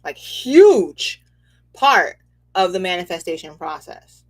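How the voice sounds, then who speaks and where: Chatty, animated woman. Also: lowish voice, takes it slowly. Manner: animated, chatty, laughs often, says "okay?" a lot. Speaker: spiritual reader and host. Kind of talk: casual livestream reading.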